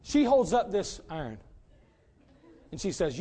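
A man's voice: sits high, very animated, normal speed, warm tone, a faint crowd. A middle-aged man, a pastor, preaching emphatically and telling a story. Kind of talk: sermon.

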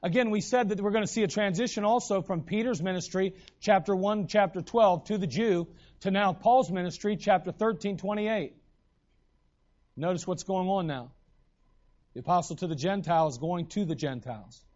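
A man preaching a sermon in an animated way, acting out the voices in the stories he retells. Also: high-pitched, normal speed, dull audio.

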